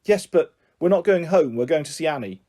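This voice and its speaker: Brief: man reading a fussing storybook mum, lively and mellow-toned. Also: a little high, a little fast, close to an everyday voice. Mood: exasperated. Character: exasperated mum, adult woman, chatty. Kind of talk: audiobook character voice.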